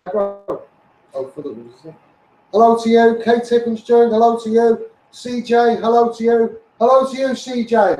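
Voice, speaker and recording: A man's voice: very high-pitched, little pitch movement, moderate pace, few pauses, mellow, reverberant, distant mic, rough recording. A man with a mixed Scouse and Essex accent, ranting passionately on a live stream, greeting his viewers by name and repeating himself. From England. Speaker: campaigner live-streaming to followers. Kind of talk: impassioned live-stream rant.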